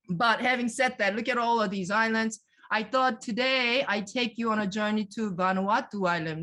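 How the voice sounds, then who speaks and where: A woman leading a live virtual museum tour over a video call, animated and questioning her audience, reading their answers aloud. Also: medium pitch.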